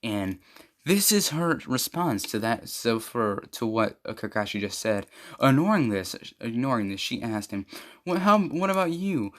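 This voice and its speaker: A man's voice: fairly low pitch, animated, a little slow. A young man casually reading fan fiction aloud, stumbling over words and adding mocking asides.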